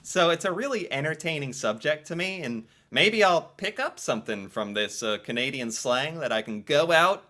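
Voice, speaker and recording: An American man reacts in a casual, excitable way, his bright voice bouncing up and down across a wide pitch range. He sounds playful and animated. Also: normal speed, hardly any pauses. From United States. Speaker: reaction video creator.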